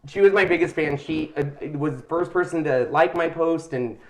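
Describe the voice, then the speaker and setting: A man's voice: a little high, moderate pace. A middle-aged man hosting a craft channel, telling his story in a casual, heartfelt and emotional way. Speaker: channel host. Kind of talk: casual chat.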